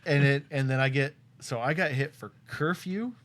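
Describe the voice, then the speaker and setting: A young man casually telling a story to a friend, animated and laughing often as he acts out what people said. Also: medium pitch, normal speed, slight background noise. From Tucson, Arizona.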